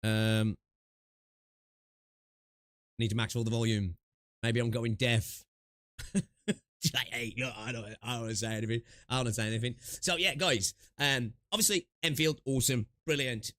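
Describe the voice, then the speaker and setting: A young man talks loosely on a gaming livestream, rambling, circling back and filling gaps with ums and rights. His voice sits at an ordinary middle pitch. It comes through a close desk mic with noise suppression, dry and free of room sound. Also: steady tone, normal speed, pauses often, bright, forceful tone, dry recording. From United Kingdom. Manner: rambling, chatty, lots of fillers and asides. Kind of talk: casual livestream chat.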